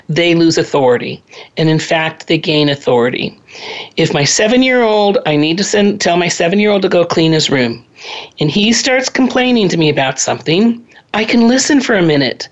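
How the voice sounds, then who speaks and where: Low-voiced woman counselor giving advice. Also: highs cut off. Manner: earnest, advising, with occasional throat clearing. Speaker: family counselor. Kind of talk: radio advice talk.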